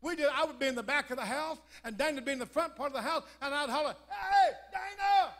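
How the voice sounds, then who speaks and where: A man preacher telling a lively, joking story in a humorous sermon at church. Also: very high-pitched, rapid-fire.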